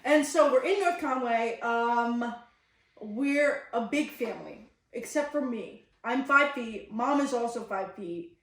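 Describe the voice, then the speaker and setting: A young woman co-hosting a podcast, telling family stories in a casual, laughing way and acting out quotes. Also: a little high. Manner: laughing often, quick animated retelling with quoted voices. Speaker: podcast co-host. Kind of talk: casual storytelling chat. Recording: echoey room, mic at a distance.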